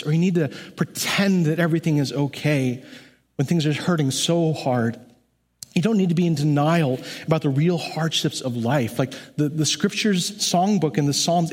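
A man who leads church music, preaching an earnest, emphatic but conversational sermon. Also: fairly high pitch. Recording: long hall reverb.

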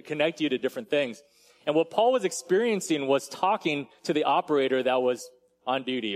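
A man delivering a sermon as a pastor, telling a story in a casual, chatty way with frequent asides to the congregation. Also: medium pitch. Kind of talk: conversational sermon.

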